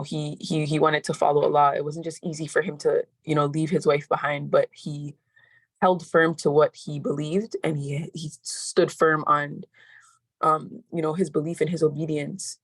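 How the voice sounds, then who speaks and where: A woman shares her reflections with a study group over a video call, hedging with many fillers. Her voice stays flat and gravelly, and the sound is dry. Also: deep voice, moderate pace, no room sound.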